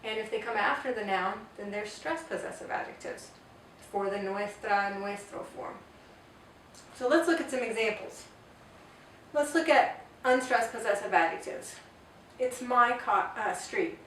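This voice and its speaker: A woman's voice: a little high, unhurried, fairly bright tone. A woman teaching a grammar lesson, patiently spelling out word forms one at a time. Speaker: Spanish teacher. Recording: echoey room, far from the mic, faint hiss.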